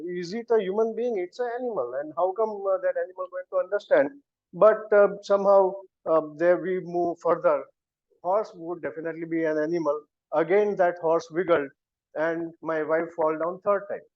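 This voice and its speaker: A man's voice: on the high side, a little mellow, no echo. A man in his fifties with an Indian English accent, giving a prepared, humorous speech at a club meeting with wry storytelling. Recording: muffled, dry lo-fi recording.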